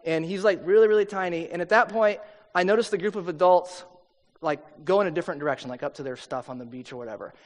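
A middle-aged pastor with a high voice delivers a sermon built around a personal story, telling it in a relaxed, conversational way packed with little asides. A long reverb tail trails his words, as if he's in a large hall.

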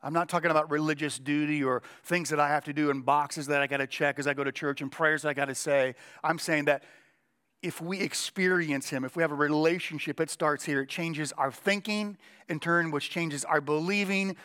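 A middle-aged male pastor preaching a sermon with a strained, cracking voice, emphatic and slowing down to stress key lines. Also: fairly high pitch, pushed and bright, clean tone. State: voice cracking, throat clearing.

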